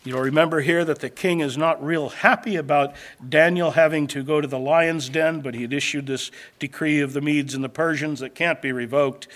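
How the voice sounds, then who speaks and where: Teaching from scripture, this male preacher swings between forceful declarations and hushed, low-voiced asides, stretching out important phrases for emphasis.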